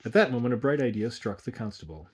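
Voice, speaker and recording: A man narrating a dark old storybook aloud, measured and hushed. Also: medium pitch, lively intonation, slightly rough.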